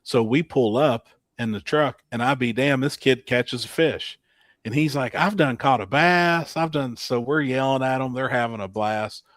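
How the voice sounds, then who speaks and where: A man hosting a casual podcast, telling racing-weekend stories with lively acted-out quotes and frequent laughter. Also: mid-range voice, moderate pace, no echo. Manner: animated storyteller, laughs often, acts out quotes. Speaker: podcast host. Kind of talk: casual storytelling chat.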